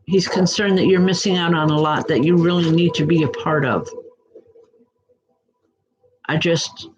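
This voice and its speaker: Speaking at a measured pace in a lowish voice, this woman poses as a reverend and psychic medium doing live readings. She's gentle and comforting, names her viewers, and says "um" a lot, all captured on a rough recording.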